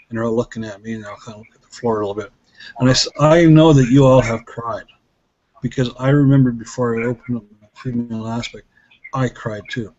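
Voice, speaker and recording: A man's voice: mid-range voice, a little fast, darkish tone. A middle-aged man talking earnestly about healing, telling stories with frequent restarts in a casual, reflective way. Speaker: healer and guest speaker. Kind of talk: casual storytelling talk. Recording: dull lo-fi recording with faint noise.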